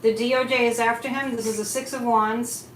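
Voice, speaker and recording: A woman's voice: fairly high pitch, flat delivery, fairly quick. A woman hosting a psychic live stream, chatting casually and animatedly, answering chat comments as she goes. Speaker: psychic livestream host. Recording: echoey room with faint noise.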